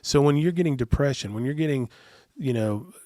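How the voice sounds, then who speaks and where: A man's voice: medium pitch, fairly quick, warm tone, no echo, clean studio sound. A man, a podcast guest, earnestly telling a personal story in a casual interview, often restarting and repeating words. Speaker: podcast guest, youth minister.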